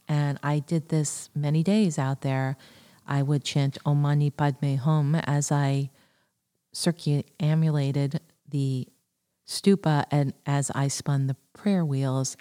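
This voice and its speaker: A woman teaching calmly about a mantra, explaining it syllable by syllable in a measured way. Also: low-pitched. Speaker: spiritual teacher. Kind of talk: slow calm teaching on mantras.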